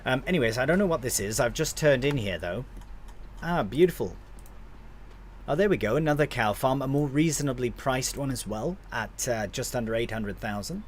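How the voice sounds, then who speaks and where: A man's voice: mid-range voice, animated, normal speed, slight background noise. A young man casually commentating his gameplay on a live stream, chatting to viewers and swearing now and then.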